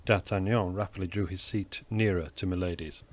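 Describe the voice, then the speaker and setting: A man narrating a classic novel as an audiobook in a measured, even way. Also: sits low. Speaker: audiobook reader. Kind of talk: scripted narration.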